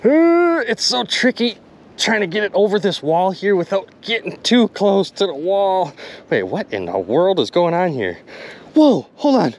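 A man commenting excitedly to his viewers while magnet fishing outdoors by a river. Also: high-pitched, a little slow. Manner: excitable, addresses viewers as "you guys".

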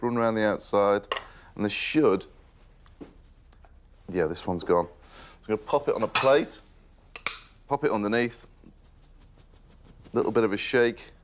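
This cooking show host from Merseyside, England, demonstrates a recipe in a kitchen, talking casually and enthusiastically and praising the food. His voice is fairly low, with a little hiss or hum on the recording.

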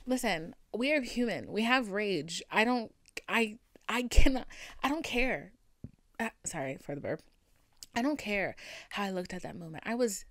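A woman in her twenties hosting a podcast, telling a personal story casually and profanely, swinging between hushed near-whispers and loud emphatic outbursts. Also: mid-range voice, expressive, moderate pace, no room sound. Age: 20s. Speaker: podcast host.

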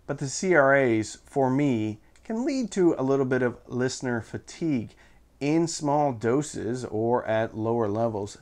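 A man's voice: medium pitch, animated, measured pace, a little mellow. A man giving a casual, chatty product review of budget earphones, with offhand asides and jokes. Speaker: audio gear reviewer.

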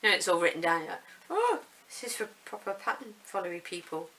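Woman, 30s, rambling self-deprecating vlog chat, lowish bright voice. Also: very animated, quick pace, a little hiss or hum, poor audio. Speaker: vlogger showing yarn. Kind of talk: casual unboxing chat.

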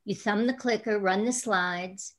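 A woman reads her poetry aloud. Her delivery is slow, measured and deliberate, and her voice sits at a mid pitch. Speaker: poet. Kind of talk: poetry reading.

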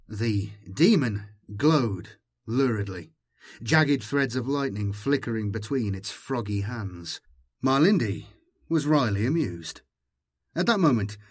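A man narrating an audiobook in a measured, dramatic storytelling manner. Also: medium pitch, slightly rough. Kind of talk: scripted narration.

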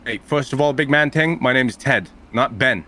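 A man's voice: medium pitch, normal speed, sharp tone, no room sound. A man voicing a foul-mouthed male teddy bear who is bound up and confused, speaking crudely and bluntly in a dry, close recording. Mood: baffled.

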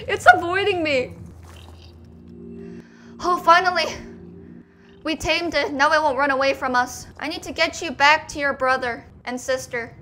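A young woman with a high, bright voice gives playful game commentary and chats with the characters on screen. She breaks into sudden yelps now and then. A faint hiss sits under her voice. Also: normal speed. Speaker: gaming commentator. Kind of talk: let's play commentary.

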